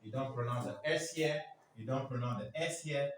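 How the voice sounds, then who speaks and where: Picked up by a mic far away in a very echoey room with faint noise, a man with a mid-range voice and moderate pace leads a French lesson. He drills words for the class to repeat, prompts with questions, and keeps asking "what?" for students to supply answers.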